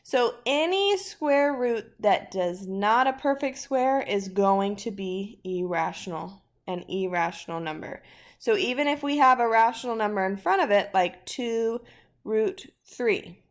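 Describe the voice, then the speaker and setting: A woman's voice: medium pitch, a little slow. A woman teaching a math lesson in a casual way, thinking aloud through examples in an upbeat, chatty manner.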